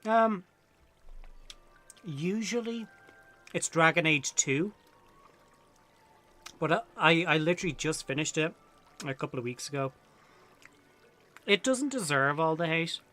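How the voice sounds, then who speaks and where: A young man streaming a game and talking casually to chat, excitable and swearing freely in his asides. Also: on the high side, a little slow, pauses often, faint music behind. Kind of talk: casual gameplay commentary.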